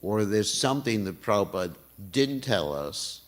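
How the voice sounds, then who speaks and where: An older man giving a morning temple class, talking in an animated way and laughing often. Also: lowish voice, moderate pace. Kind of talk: sermon. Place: temple hall.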